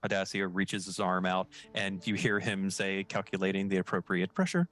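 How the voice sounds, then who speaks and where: A man's voice: sits low, moderate pace, fairly bright tone. A man narrating as game master, casual and hesitant with many fillers.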